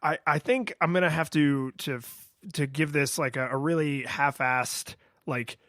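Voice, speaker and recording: A man with a voice a touch higher than most talks through a retro game review. He rambles, stops to restart his thoughts, and sprinkles in fillers. It sounds close-miked and dry, with no room sound. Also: measured pace, no room sound. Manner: rambling, lots of fillers and restarts, acts out his own past excitement. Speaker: podcast co-host.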